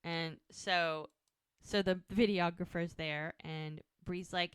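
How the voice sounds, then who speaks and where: A woman's voice: smooth, no echo, clean studio sound. A woman co-hosting a podcast, recapping an episode in casual chat and acting out lines as she goes. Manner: animated recapping, acting out lines with quick shifts in pitch. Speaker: podcast co-host.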